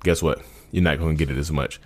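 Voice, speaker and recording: A man with a very deep, steady voice talks fast, addressing his viewers directly in a casual, informal way and often restarting and repeating phrases. He's a vlogger discussing narcissism in a relaxed straight-to-camera talk.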